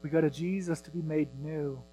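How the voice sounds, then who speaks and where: A man in his thirties preaching a sermon as pastor, earnest, rising loud when he reads scripture. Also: fairly high pitch, steady tone, brisk, low-quality recording.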